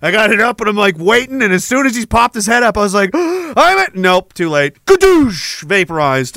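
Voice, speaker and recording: A middle-aged man hosting a podcast, ranting with heavy profanity and jumping between war stories and shouted quotes. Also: high-pitched, big pitch swings, moderate pace, hardly any pauses, no room sound. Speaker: podcast host. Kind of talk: ranting monologue.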